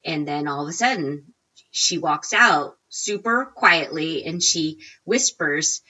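A woman in her forties telling a lively story as an interview guest, acting out quotes with big jumps in her voice. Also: slow, dull audio. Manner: animated, acts out quotes with big pitch jumps. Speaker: guest, recipe blogger.

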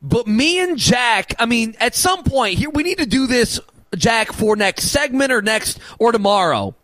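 A man hosting a sports radio show in a studio, talking in animated, preachy banter. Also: very high-pitched, unhurried, dry recording. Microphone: studio microphone.

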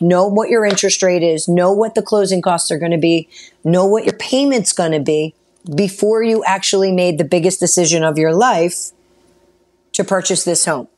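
A woman who is a mortgage broker, co-hosting a radio show in a studio and giving advice in a brisk, businesslike way. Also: fairly low pitch, darkish tone. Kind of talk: informative radio talk. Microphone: studio microphone.

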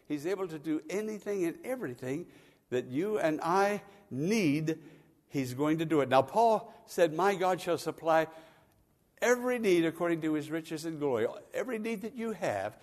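A man's voice: on the high side, a little mellow, in a large hall. A man preaching a sermon as pastor, building to emphatic bursts. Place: church.

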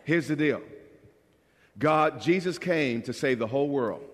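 A male pastor with a mid-range voice preaches at a measured pace, putting questions to the congregation. He's animated and acts out the voices of the people he quotes, with a long hall reverb on the recording.

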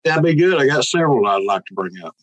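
A man's voice: mid-range voice, lively intonation, fast, muffled recording. Folksy sounding man telling a story. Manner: rambling, folksy, quotes others aloud. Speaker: pastor and guest. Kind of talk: casual interview storytelling.

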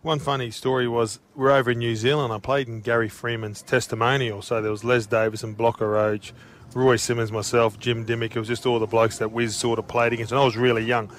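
An Australian man, a former player and radio co-host, telling animated stories in casual chat. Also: medium pitch, a little fast, hardly any pauses, slight background noise. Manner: animated, tumbling anecdotes, often breaking into laughter.

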